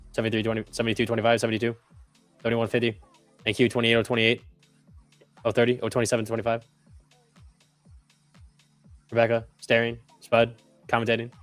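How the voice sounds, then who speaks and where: Laid-back man rattling off market prices. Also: mid-range voice. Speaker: co-host of a live trading stream. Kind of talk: casual chat and rapid market readout.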